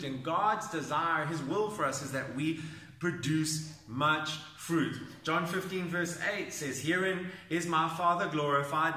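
Emphatic preaching man, bright and echoey. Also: on the high side. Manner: emphatic, often asks "okay?". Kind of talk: sermon. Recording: echoey room.

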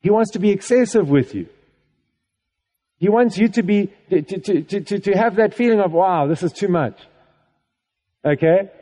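Guy preaching, high mellow voice, chatty with lots of "okay?", big echoey church hall. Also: lively intonation, normal speed. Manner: conversational, with laughs and frequent "okay?" check-ins to the congregation. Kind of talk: sermon.

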